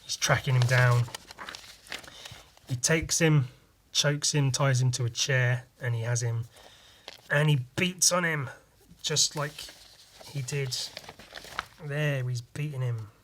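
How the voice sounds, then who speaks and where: A man's voice: mid-range voice, slow, pauses often, fairly bright tone, slight background noise. Rambling young man chatting casually. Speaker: podcast host. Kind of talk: casual chat about his own artwork.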